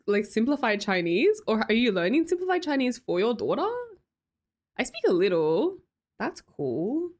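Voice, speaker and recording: An Australian woman hosting a livestream, chatting casually and reading out viewer comments in a bubbly way, laughing often. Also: mid-range voice. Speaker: livestream host.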